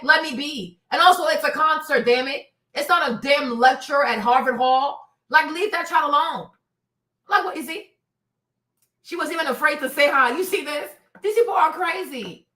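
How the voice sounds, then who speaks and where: Animated high-voiced woman gossip host. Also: normal speed, echoey room, recorded from a distance. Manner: animated, talks to viewers directly, bursts into excited shouts. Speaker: commentary show host. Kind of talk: casual celebrity gossip commentary.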